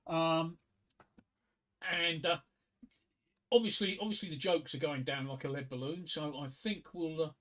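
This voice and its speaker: A man hosting a livestream, telling crude jokes and reading poetry in a rambling, halting way with many fillers and restarts. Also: on the high side, a bit bright. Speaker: livestream host.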